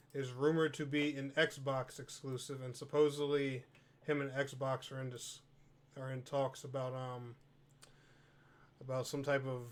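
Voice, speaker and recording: A man hosting a gaming podcast in casual chat, loose and rambling with many pauses and fillers. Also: mid-range voice. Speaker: podcast host.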